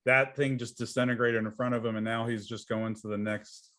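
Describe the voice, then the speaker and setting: A man's voice: medium pitch, level tone, a bit bright. Chatty man running a tabletop game. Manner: chatty, halting, laughs often. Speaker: game master.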